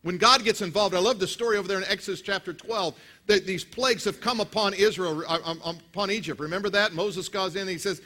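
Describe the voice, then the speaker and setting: A man preaching a sermon as pastor, telling stories with acted quotes and lively delivery. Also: high voice, fast talker, few pauses. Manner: storytelling, animated with acted quotes.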